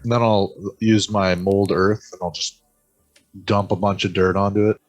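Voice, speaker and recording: A man's voice: lowish voice, flat delivery, a little slow, soft background music. A man playing a tabletop game, reminiscing in a folksy, wistful way. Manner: folksy and reminiscing, with "gosh" and "yep". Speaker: player. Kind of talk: in-character eulogy, wistful.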